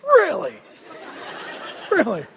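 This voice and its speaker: A man's voice: very high-pitched, a little slow, fairly bright tone, a faint crowd, a little hiss or hum, voice pushed up. A man playing a sarcastic male angel. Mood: incredulous. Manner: sarcastic, emphatic. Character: angel messenger, male, bold and incredulous. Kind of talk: sermon.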